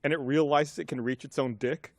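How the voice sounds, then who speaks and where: A man's voice: mid-range voice, brisk, no echo, studio quality. A man co-hosting a casual podcast, describing things with many fillers. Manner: lively, uses many fillers like "like" and "uh". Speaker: podcast co-host.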